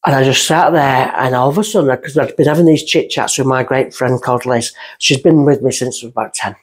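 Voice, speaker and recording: This woman talks a little fast with a breathy edge, a guest medium on a podcast sharing a long personal story in casual fashion. She rambles and drifts into tangents, staying lively and leaping higher in pitch when excitement hits.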